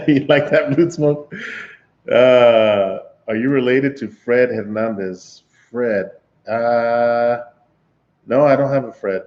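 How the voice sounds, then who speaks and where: A man's voice: medium pitch, slow pace, darkish tone, highs cut off. Man telling a rambling story on stream. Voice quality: rambling, laughing, with frequent restarts. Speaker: livestream host. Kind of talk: casual storytelling to a live chat.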